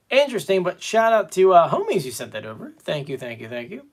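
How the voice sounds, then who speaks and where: A man hosts a fan live stream from home, talking loosely and reading viewer comments aloud. His pitch swings around a lot as he chats. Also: fast. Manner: chatty, reads viewer comments aloud, animated. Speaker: fan show host. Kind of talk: casual live-stream chat.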